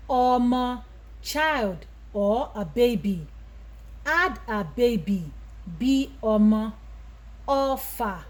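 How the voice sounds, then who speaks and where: A woman with a Yoruba accent, teaching a language lesson, who says each Yoruba word and then gives its English meaning. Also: a little high. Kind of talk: slow vocabulary lesson.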